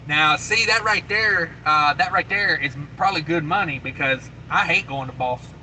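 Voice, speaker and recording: A man's voice: on the high side, moderate pace, hardly any pauses, pushed and bright, a little hiss or hum, rough recording. A man hosting a trucker livestream, chatting casually and reading viewer comments aloud. He talks in a laid-back, rambling way, with lots of fillers and repeated phrases.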